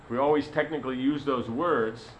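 A man's voice: medium pitch, fairly quick, slight background noise, poor audio. A man giving a sermon as a spiritual teacher, telling a story in a rambling way full of "you know".

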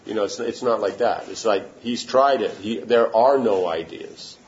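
A man's voice: lowish voice, moderate pace. A man giving an informal devotional talk, conversational and often asking if his point makes sense. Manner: conversational, often checks for understanding. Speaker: spiritual teacher. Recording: slightly muffled recording with faint room noise.

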